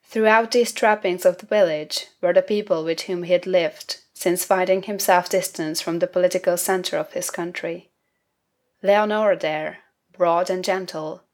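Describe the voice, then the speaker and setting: Woman, audiobook narrator, lower voice, measured, unhurried, scripted literary reading.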